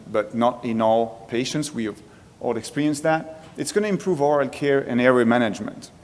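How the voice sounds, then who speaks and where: A man's voice: mid-range voice, darkish tone. French-accented man lecturing in a reverberant hall. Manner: explanatory, walks through points one by one. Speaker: physician presenting at a medical conference. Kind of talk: conference lecture. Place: large lecture room with an audience.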